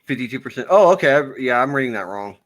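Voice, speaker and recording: A man's voice: medium pitch, lively intonation, quick pace, a bit bright. A man from Florida co-hosting a casual livestream, who swears freely and laughs often. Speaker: co-host. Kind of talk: casual chat.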